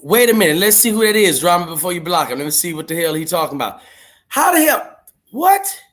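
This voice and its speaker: A young man hosts a casual livestream and talks with his viewers. His delivery is loose and slangy, full of jokes and quick asides. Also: a little high, fairly bright tone. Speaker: livestream host.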